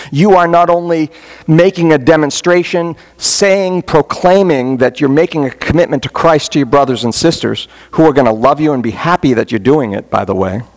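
A man with a gravelly, creaky voice preaches as a pastor from a church, leading an altar call. He talks in an earnest, folksy way, with touches of humor. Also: on the high side. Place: church sanctuary.

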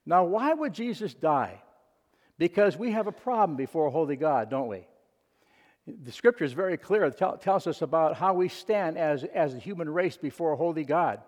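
A man preaching a sermon in a church, quoting verses with emphatic rises and repeating himself as he goes. His voice sits high for a man. It carries a long reverb from the hall. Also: animated, normal speed, darkish tone. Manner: emphatic, repeats and restarts words, quotes scripture dramatically. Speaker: pastor.

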